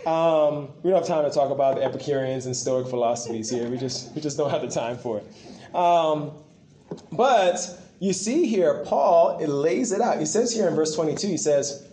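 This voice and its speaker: This preacher's voice is a little high and his pace moderate as he passionately repeats himself for emphasis and tells animated stories, all captured in an echoey room.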